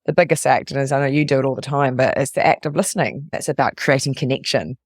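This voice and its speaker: A woman's voice: very deep voice, fast talker, no room sound. Earnest woman podcast host, dry sound. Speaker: podcast host and resilience coach. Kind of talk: interview conversation.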